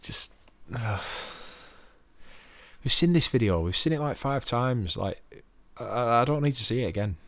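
A man's voice: mid-range voice, lively intonation, unhurried, pushed and bright, no room sound. A man co-hosting a podcast in casual chat, dry and matter-of-fact, swearing now and then. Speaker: podcast co-host.

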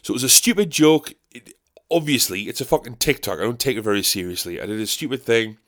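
A man's voice: mid-range voice, lively intonation, fast talker, a bit bright. A man hosting a solo podcast, rambling casually, swearing and making fun of himself. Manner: rambling, profane, self-mocking. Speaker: podcast host. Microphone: podcast microphone.

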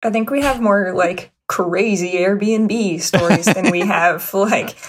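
A woman from the band chimes in with joking asides and frequent laughs. Her pitch sits in the middle range. A loud crowd murmurs behind her. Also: takes it slowly. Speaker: band member guest. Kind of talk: casual chat.

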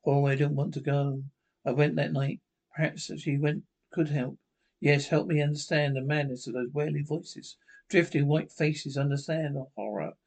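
In a 1930s radio drama, a man plays a haunted, tormented lecturer who narrates his own descent into madness as the protagonist. His voice is a little high and darkish, steady in tone at a normal speed, and his delivery is anguished, breathless and theatrical.

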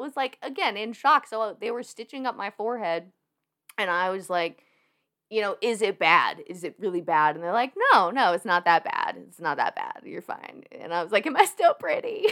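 A young woman guesting on a podcast, telling a story in a casual way. Her voice moves up and down a lot, and she laughs and fills in with "like" often. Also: a little high. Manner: animated, laughing, lots of fillers.

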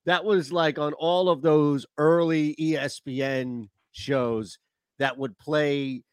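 Male sports-talk host, casual, rambling, slightly high voice, dry studio. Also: slow pace, clean tone, no room sound. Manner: rambling, animated storyteller.

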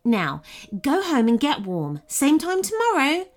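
A woman's voice: sits high, wildly swooping pitch, unhurried, soft background music, pitched above the performer's own voice, heavily acted. Woman voicing a cheerful, chatty animal shelter keeper. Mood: excited. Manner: warm, chatty and enthusiastic.

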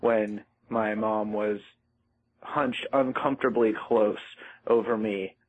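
Husky guy on a tinny phone message, halting and wry, lots of ums. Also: medium pitch. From Seattle. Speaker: guest on voicemail. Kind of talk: recorded phone message story.

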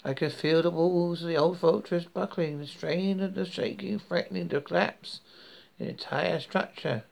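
A British man reading a horror story aloud in a slow, measured way, with occasional slips and restarts. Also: fairly high pitch, steady tone, vocal fry.

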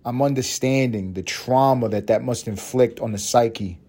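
Here a podcast host from Puerto Rico rambles through a crude comedy monologue, breaking into mocking voices and laughing along the way. His voice is mid-range and dark in tone, at a moderate pace.

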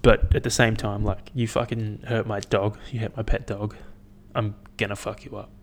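A young man with a slightly low-pitched voice rambles to camera in a loose, unscripted monologue. He is blunt and swears freely, with plenty of "like" and "um", and wanders from thought to thought. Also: flat delivery, moderate pace. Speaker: vlogger.

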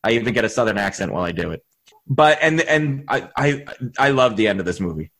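A man's voice: fairly low pitch, lively intonation, fast talker, a bit bright. A man co-hosting a podcast in casual chat, rambling and restarting his sentences, laughing often. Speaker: podcast co-host.

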